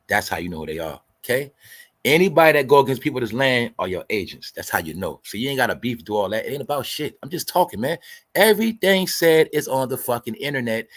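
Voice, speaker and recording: A man's voice: medium pitch, a bit bright. A man hosting a commentary show, ranting in a profane, combative, lecturing way and repeating his points for emphasis. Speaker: host. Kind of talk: commentary rant.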